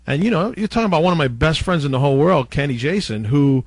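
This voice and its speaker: A man with a slightly high voice tells stories from his radio days, acting out what others said with lively energy. The sound is dry and close, with no room around it. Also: fast talker, dry recording. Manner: animated, acts out quotes of others. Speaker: former radio DJ guest. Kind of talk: casual storytelling interview.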